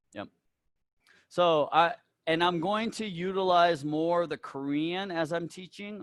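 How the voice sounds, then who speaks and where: A Southern man giving his instructors pointers in a relaxed, coaching tone, tagging lines with "right?" to check they follow. His voice sits at an ordinary middle pitch. The sound is dry and close, with almost no room echo. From American South. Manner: casual, instructive, peppers talk with "right?" and "all right?". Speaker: taekwondo school head instructor. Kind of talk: instructor meeting talk.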